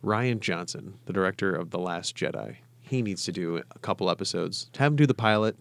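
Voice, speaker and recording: A man's voice: low voice, lively intonation, a little fast, creaky, dry recording. A man co-hosting a podcast in casual chat, jokey and often laughing. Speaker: podcast co-host.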